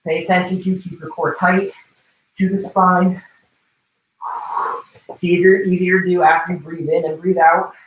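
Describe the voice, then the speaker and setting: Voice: mid-range voice, flat delivery, normal speed, long pauses, distant mic, slight background noise. A personal trainer, out of breath, coaching a livestream workout, calling out intervals and form cues with some joking. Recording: roomy, away from the mic.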